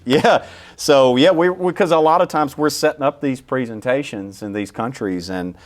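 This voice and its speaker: A man from Louisiana with a Southern accent, an orchestra CEO who answers interview questions in a halting, humble way and often repeats himself. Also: mid-range voice. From Louisiana, United States. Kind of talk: casual interview.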